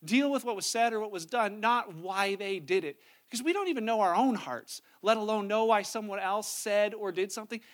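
A man's voice: high voice, a bit bright. A pastor preaching a conversational sermon, acting out the people he quotes with different voices.

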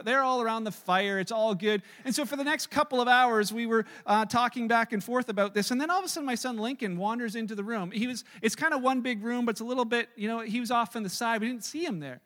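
A middle-aged man preaching a sermon, telling family stories in an animated way and acting out the dialogue. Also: high-pitched. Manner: storytelling, animated, acts out dialogue. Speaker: pastor. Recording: long reverb of a large hall.

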